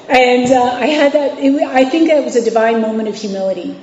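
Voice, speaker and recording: Speaking briskly with few pauses, a woman in her forties from New York City and Virginia gives a candid recovery share as a guest speaker, chatting conversationally with frequent fillers and restarts. Her voice is on the high side and darkish in tone. The meeting hall recording sounds echoey, dull, and lo-fi.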